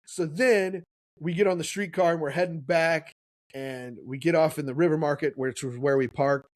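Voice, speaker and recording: A man's voice: fairly high pitch, fairly even intonation, moderate pace, dry recording. A middle-aged man, a podcast co-host, telling a story in casual chat and acting out the voices he quotes.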